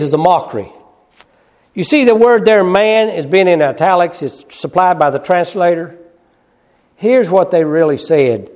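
Delivering a sermon, this man moves between loud, high-pitched cries and quiet, low asides. He repeats phrases and chuckles along the way.

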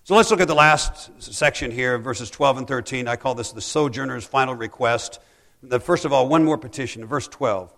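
A man preaching a sermon as a pastor, rising to loud pleading cries and dropping to hushed, soft passages. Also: medium pitch, normal speed, creaky, in a large hall.

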